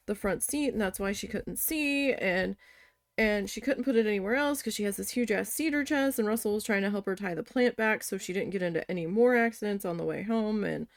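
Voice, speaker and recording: A young woman chats through a rambling story in a casual vlog, swearing freely and acting out the people she quotes. Her voice sits at an ordinary middle pitch, and the recording is dry and close, with no room sound around it. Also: vocal fry, no room sound. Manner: chatty, swearing, quoting others in lively voices. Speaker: crafting vlogger. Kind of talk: casual storytelling while crafting.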